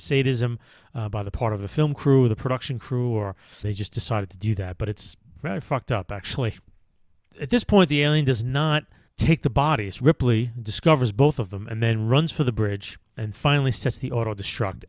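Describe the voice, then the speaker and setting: A man's voice: mid-range voice, no room sound. A man hosting a podcast, recapping a film in a loose, rambling way with many fillers and restarts. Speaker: podcast host.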